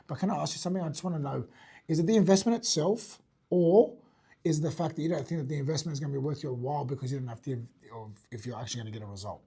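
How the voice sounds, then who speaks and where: A man teaching sales to a group, talking fast and blunt with a slightly husky voice pitched a little high. He swears casually and keeps checking in with his listeners. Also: mellow. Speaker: fitness business owner and sales coach. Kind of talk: teaching talk to an audience.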